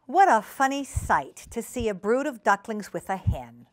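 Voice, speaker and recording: A woman hosting a community TV show, reading a children's story aloud in a gentle, unhurried way in a studio. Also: on the high side, very animated. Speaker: storyteller host.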